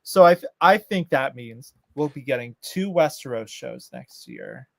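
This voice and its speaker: A man's voice: mid-range voice, wildly swooping pitch, a little slow, vocal fry, dry recording. A man co-hosting a casual show, rambling and ranting, full of fillers. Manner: ranting, exasperated. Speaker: podcast co-host. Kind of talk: casual chat.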